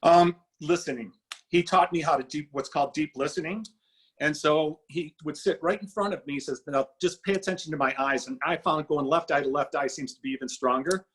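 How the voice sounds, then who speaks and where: A middle-aged man telling his story in an interview, animated and acting out quoted dialogue. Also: on the high side, a little fast, breathy edge, poor audio. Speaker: guest speaker.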